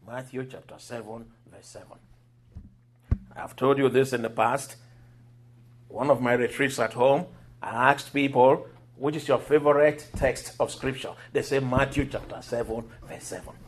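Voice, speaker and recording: A man preaching a sermon, telling scripture stories with lively acted-out quotes and occasional laughter. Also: medium pitch, normal speed, slight background noise. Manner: animated storytelling, acting out quoted voices and laughing.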